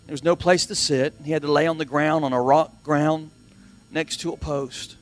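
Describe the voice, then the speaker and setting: A middle-aged man preaching a sermon as pastor, driving points home with emphatic repetition and swings from hushed to loud. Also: a little high, fairly even intonation, moderate pace.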